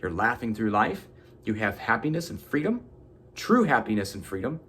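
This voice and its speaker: A man's voice: lowish voice, sing-song, moderate pace, a bit bright, a little hiss or hum. A man giving an earnest, preachy motivational self-help talk, swearing casually. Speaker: motivational vlogger.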